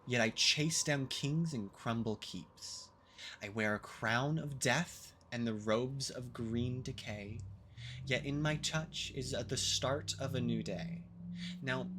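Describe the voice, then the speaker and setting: A man voicing an ancient, mouthless vine spirit in a tabletop game, speaking slowly and with cool menace. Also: mid-range voice, noisy background, close to an everyday voice. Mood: riddling. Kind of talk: tabletop game role-play.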